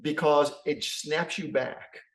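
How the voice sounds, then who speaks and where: A man's voice: a little high, fairly even intonation, slow pace. A man in a casual conversation who talks hesitantly, often stopping and starting over. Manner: hesitant, many fillers and restarts. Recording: roomy echo.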